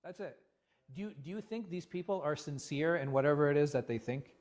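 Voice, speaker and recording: A man leading a religious class discussion as imam, animated and full of rhetorical questions, often restarting his words. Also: a little high, brisk. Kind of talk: interactive religious class talk. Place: mosque class room.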